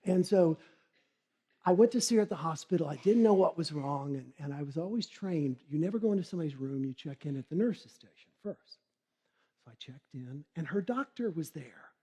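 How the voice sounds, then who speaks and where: A middle-aged man giving a humorous motivational keynote, telling stories in a lively way and acting out the characters. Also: a little high, brisk, slightly rough. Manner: lively storytelling, acts out characters. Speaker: keynote speaker.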